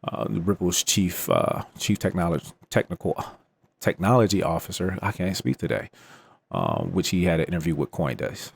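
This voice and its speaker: A man's voice: deep voice, expressive, normal speed, creaky, slight background noise. A man hosting a crypto channel, talking through the news in a loose, chatty way with slangy asides. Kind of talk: casual news commentary vlog.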